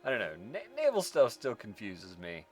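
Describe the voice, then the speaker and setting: A man's voice: on the low side, huge pitch swings, normal speed, darkish tone, a little hiss or hum. A man giving casual commentary while playing a strategy game, muttering to himself wryly with sudden exasperated outbursts. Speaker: strategy game let's-player. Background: game music.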